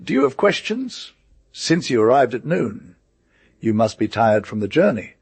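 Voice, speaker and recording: A man reading a stage comedy aloud as an audiobook, naming each speaker in a plain, even way. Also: medium pitch, normal speed, slightly rough, no echo. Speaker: audiobook reader.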